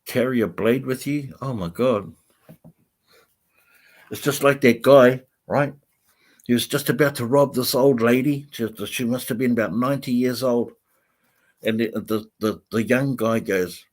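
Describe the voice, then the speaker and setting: A man's voice: mid-range voice, a little slow. A man hosting a livestream, reading out viewer comments and rambling in a chatty way with frequent laughter. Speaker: vlogger host.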